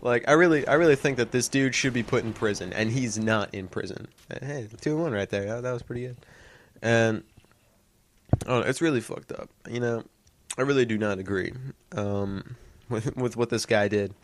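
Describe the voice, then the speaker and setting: A man's voice: medium pitch, moderate pace, slight background noise. A young man giving a casual, rambling video commentary, swearing and laughing often, with lots of fillers.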